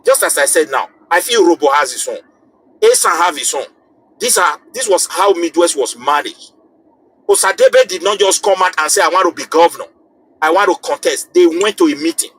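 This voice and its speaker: A man's voice: on the high side, big pitch swings, moderate pace, fairly bright tone, a little hiss or hum, poor audio. A man from Nigeria, calling into a live show to deliver impassioned political commentary. He talks emphatically, often repeating and restarting phrases as he builds his point. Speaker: call-in guest.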